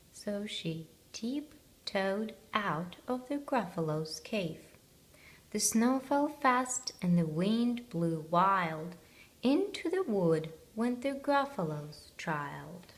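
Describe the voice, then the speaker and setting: Very slow, expressive woman reading a picture book aloud. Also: medium pitch. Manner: very slow, expressive rhyming storytelling. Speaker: storyteller.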